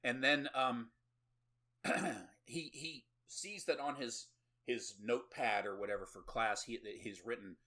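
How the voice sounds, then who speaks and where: Bright-voiced sarcastic podcast host. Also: male voice, medium pitch, a little slow. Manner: sarcastic, swearing, laughing asides. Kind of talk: casual movie recap.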